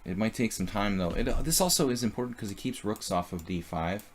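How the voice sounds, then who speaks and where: A man's voice: on the low side, lively intonation, a little fast, slight background noise. A man streaming live chess, thinking aloud about his moves and chatting casually with viewers.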